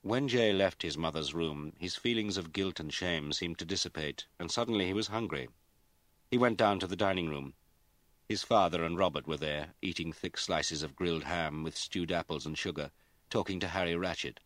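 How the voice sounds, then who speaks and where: Deep voiced guy reading a novel, dry close sound. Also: normal speed, a bit bright, no room sound. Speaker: audiobook narrator. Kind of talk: scripted narration.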